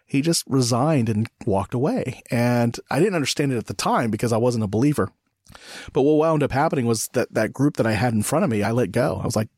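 A man hosts a laid-back podcast chat in a middle-range voice. He talks reflectively, pausing and restarting his thoughts. The sound is close and dry, with no room around it. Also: mid-range voice, a little mellow, no echo. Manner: reflective, halting with frequent restarts. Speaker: podcast host. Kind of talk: casual podcast conversation.

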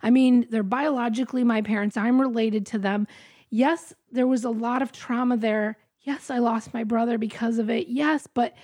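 Female podcast guest, middle-aged, slightly high, candid and emotional testimony. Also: steady tone, normal speed, darkish tone. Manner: candid, emotional, quotes her own thoughts aloud. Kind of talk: personal testimony interview.

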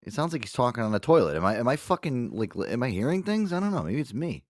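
Brief: male host, casual and profane, very expressive delivery, dry close mic. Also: medium pitch, fast talker, dry recording. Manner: animated, swears a lot, laughs often. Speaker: podcast host.

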